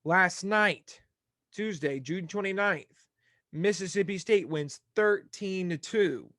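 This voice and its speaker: A man's voice: sits high, takes it slowly, fairly bright tone, dry recording, studio quality. A young man hosting a casual sports podcast, rattling off game results in a jokey, scattered way. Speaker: podcast host.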